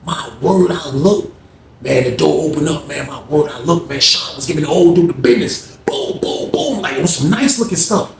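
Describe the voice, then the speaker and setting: A man's voice: a little high, brisk, vocal fry, roomy sound, noisy background. A man telling a casual storytime, slangy and talking to viewers while acting out the scenes.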